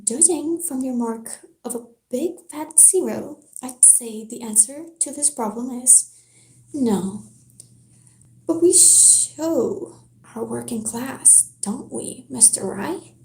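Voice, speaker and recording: A woman's voice: high-pitched, expressive, slow, warm tone, roomy sound, full character voice. A woman whispering a book aloud and voicing a cruel, mocking male math teacher who taunts in a sing-song way.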